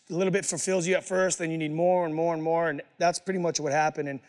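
A man's voice: fairly high pitch, in a large hall. A man telling his personal testimony to an audience in a casual, slangy storytelling way. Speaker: speaker giving a personal testimony.

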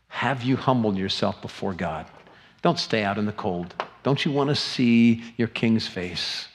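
A man's voice: lowish voice, lively intonation, measured pace, slight background noise. A man, a middle-aged pastor, preaching a sermon with earnest, emphatic appeals to the congregation.

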